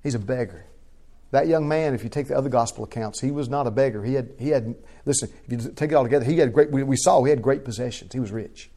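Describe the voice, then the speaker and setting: A man preaching a sermon in a folksy, impassioned way, shifting from quiet to loud. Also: medium pitch, quick pace.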